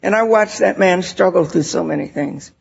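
A woman's voice: lowish voice, moderate pace, creaky, a little mellow, dull audio, a little hiss or hum. An older woman giving a heartfelt, laughing personal share at a recovery meeting, full of "you know" asides.

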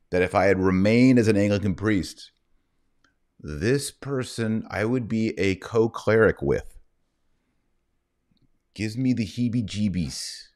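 Deep-voiced middle-aged man hosting a livestream. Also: a little mellow. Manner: mocking, rambling. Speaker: livestream host. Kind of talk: livestream commentary.

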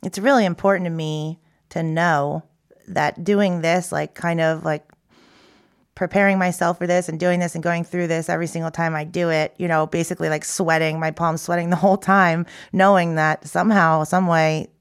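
A woman's voice: lowish voice, flat delivery, normal speed, smooth. Reflective woman hosting a podcast. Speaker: podcast host. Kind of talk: conversational interview.

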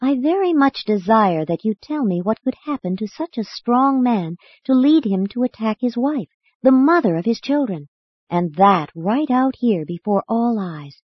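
A woman reading a gentle, patient male teacher. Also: a little high, animated, moderate pace, husky, no echo, highs cut off.

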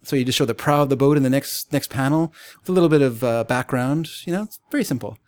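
A man's voice: mid-range voice, fast talker, darkish tone, no echo. A man chatting casually as co-host, rambling through a story and laughing often. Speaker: podcast co-host. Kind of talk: casual comic book discussion.

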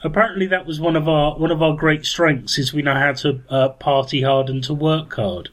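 A man's voice: a little high, steady tone, moderate pace, fairly bright tone. A man co-hosting a podcast in casual chat, wry and self-mocking, rambling through his points. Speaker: podcast co-host.

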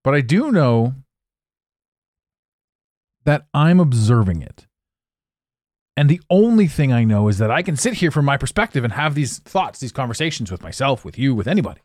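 Animated, rambling man podcasting. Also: mid-range voice, normal speed, long pauses, no room sound, studio quality. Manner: animated, swearing, laughing at his own jokes. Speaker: podcast host. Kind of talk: rambling solo podcast monologue.

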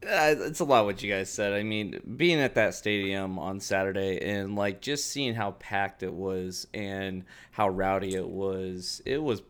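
A man's voice: low-pitched, measured pace, hardly any pauses, fairly bright tone, clean tone. A man co-hosting a sports podcast, speaking earnestly in casual chat with occasional stammered restarts. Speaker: podcast co-host.

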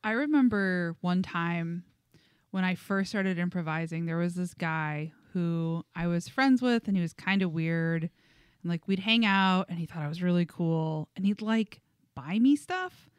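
A woman's voice: lowish voice, measured pace, clean tone, no room sound, studio quality. A woman co-hosting a podcast, telling stories in a casual chat, full of fillers and laughs. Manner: animated storytelling with many fillers and laughs. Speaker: podcast co-host.

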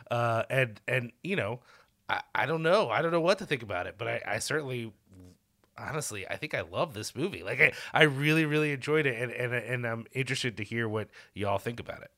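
A man's voice: fairly low pitch, creaky, bright, forceful tone. A man on a film podcast talking in a rambling, self-interrupting way, enthusiastic about the movie. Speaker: podcast guest. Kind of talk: casual film discussion.

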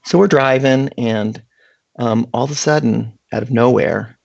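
Chatty storyteller, gravelly and husky man, dull lo-fi sound. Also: medium pitch, a little slow. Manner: animated, chatty, full of fillers. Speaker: guest storyteller. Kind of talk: casual anecdote.

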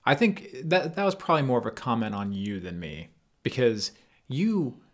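A man co-hosting a podcast in casual chat. He teases dryly in a calm way. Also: medium pitch, normal speed. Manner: calm, dry teasing. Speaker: podcast co-host and editor.

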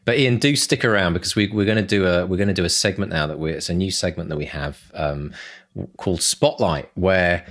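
Upbeat deep-voiced male podcast host. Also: brisk, a bit bright. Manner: upbeat, enthusiastic, repeats "brilliant stuff". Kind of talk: casual podcast chat.

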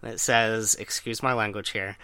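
A man's voice: fairly low pitch, fairly even intonation, normal speed, pushed and bright, clear, resonant tone, no room sound. A man chatting casually on a podcast, hesitant with lots of fillers and dry humor. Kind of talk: casual chat.

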